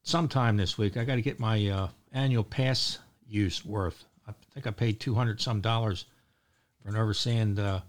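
A man's voice: lowish voice, fairly even intonation, normal speed. An older man with a Baltimore accent hosting a casual morning chat, rambling and joking with many fillers. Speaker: host.

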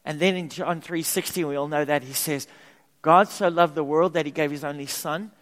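A man's voice: a little high, normal speed. Man preaching in an echoing church. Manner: animated, emphatic preaching with repetition. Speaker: pastor. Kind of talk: sermon. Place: church sanctuary. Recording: long reverb of a church hall.

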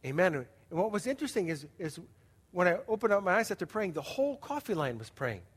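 A man's voice: sits high, very animated, quick pace, slightly rough. A man preaching a sermon as a pastor, telling a story in a conversational way with asides to the congregation. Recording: long hall reverb.

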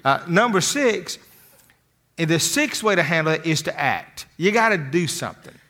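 Bright-voiced older man telling folksy stories. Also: on the high side, animated, moderate pace. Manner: folksy storytelling, repeats words when starting sentences. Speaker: motivational speaker. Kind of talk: motivational talk with stories.

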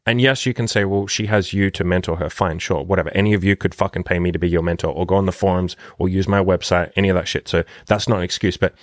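A man's voice: deep voice, fairly even intonation, no echo, studio quality. A man who works as a dating coach, talking casually and emphatically on his podcast with a lot of swearing. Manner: profane, emphatic, rapid-fire.

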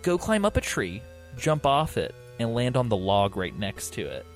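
A man's voice: medium pitch, wildly swooping pitch, moderate pace, faint music behind. A man voicing a paramedic in a mock-seductive tone, giving absurd advice.

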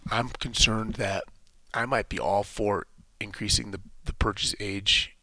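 Gravelly-voiced man musing aloud. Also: on the low side, steady tone, measured pace, pushed and bright, dry recording. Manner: rambling, thinking aloud with many restarts. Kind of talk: casual spoken monologue.

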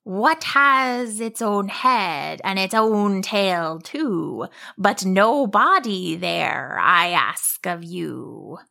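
Leaf monster, put on by a woman, gruff, slow drawl, old-fashioned rhymes, bright tone. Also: medium pitch, animated, heavily acted. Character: rhyming male leaf monster, gruff and proud.

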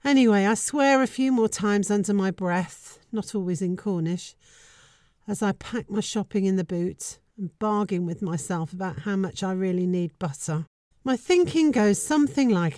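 A woman's voice: medium pitch, normal speed, darkish tone, no echo, clean studio sound. An older woman hosting a podcast, narrating a scripted story with wry, self-mocking humour. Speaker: podcast host.

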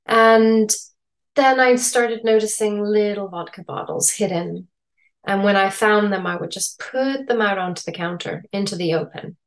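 A middle-aged woman with a Canadian accent, a podcast guest telling her story in a reflective, measured way over a remote call. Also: medium pitch. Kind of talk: interview storytelling.

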